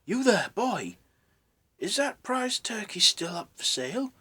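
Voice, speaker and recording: A man voicing an old miser, shouting with overjoyed energy. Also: sits high, big pitch swings, unhurried, slightly rough, pitched above the performer's own voice, exaggerated voice. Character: old miser, gruff then giddy with joy.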